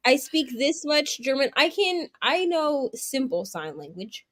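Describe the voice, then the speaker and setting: A high-voiced woman chats casually as a stream host. She tells stories with quick asides and laughs often. The sound is dry and close. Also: very animated, no room sound. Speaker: host of a long reading and craft sprint stream. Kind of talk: casual chat.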